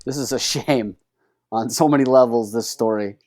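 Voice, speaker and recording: A man with a mellow, darker voice drops dry, sarcastic asides into a podcast conversation. His pitch sits in an ordinary middle range. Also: moderate pace. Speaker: podcast co-host. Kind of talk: casual chat.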